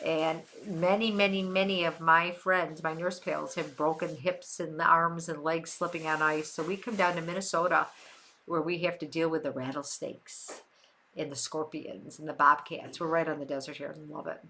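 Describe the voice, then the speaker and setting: An older woman from Western New York hosts a livestream, chatting casually with viewers and answering them, repeating phrases for emphasis. Her voice is low and sharp, with a level tone and moderate pace, and there's a little hiss or hum in the background.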